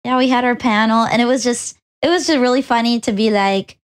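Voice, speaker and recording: A woman with a slightly high voice co-hosts a VTuber podcast in easygoing chat. She giggles often and lets her sentences trail off before finishing them. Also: brisk, smooth. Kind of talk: casual chat.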